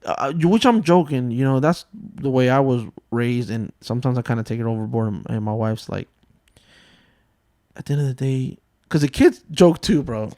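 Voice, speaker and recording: A man's voice: medium pitch, normal speed, mellow, no echo, studio quality. A man in his thirties hosting a casual podcast chat, joking and telling family stories, swearing freely. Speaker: podcast host.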